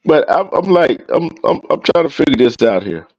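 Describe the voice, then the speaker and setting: A man's voice: on the high side, big pitch swings, normal speed, a little mellow, no room sound. A man co-hosting a casual live stream chat, rambling and asking questions aloud. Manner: rambling, repeats himself, asks questions aloud. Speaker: co-host. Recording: dull, dry lo-fi stream audio.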